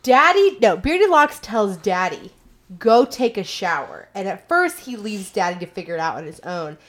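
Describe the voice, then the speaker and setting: Young woman, casual podcast storyteller, expressive pitch, loose and profane. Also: normal speed. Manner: lively storyteller, swears casually. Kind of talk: casual chat.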